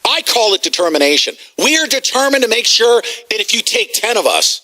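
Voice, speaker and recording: A man hosting a talk radio show, ranting agitatedly, shouting and swearing at callers and officials. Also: high voice, very animated, a little fast. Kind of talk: heated talk radio rant.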